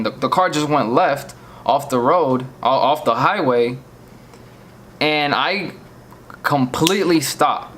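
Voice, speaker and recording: A man's voice: medium pitch, fairly bright tone. A man from Virginia recounts a near crash in a vlog, shaken and earnest, often repeating himself as he pleads with viewers. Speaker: vlogger.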